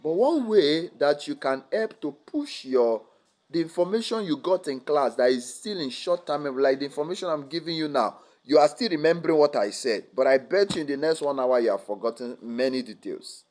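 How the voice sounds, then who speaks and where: A young man speaking at a student seminar, lively and teasing, often checking whether the audience follows. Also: on the high side, a little fast. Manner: lively, teasing, asks the audience rhetorical questions. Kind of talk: motivational academic seminar talk.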